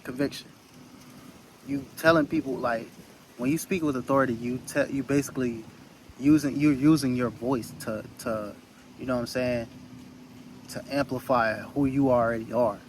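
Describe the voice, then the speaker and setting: A man's voice: medium pitch, moderate pace, pauses often, a little hiss or hum, rough recording. Earnest man preaching casually into a phone. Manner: earnest, rambling, repeats phrases for emphasis. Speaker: spiritual vlogger. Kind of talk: casual motivational talk.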